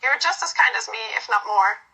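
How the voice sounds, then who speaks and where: A woman voicing a fond, teasing young woman who gently comforts a friend. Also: a little high, expressive, moderate pace, husky, full character voice, poor audio. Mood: affectionate teasing.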